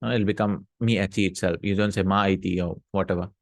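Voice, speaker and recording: A man with a low voice teaches a grammar lesson in a dry, close-sounding recording. He reads each example sentence, translates it, then explains it step by step. He keeps checking in with short "hmm?" and "no?" asides. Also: fairly even intonation, a little fast, dry recording. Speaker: Arabic teacher.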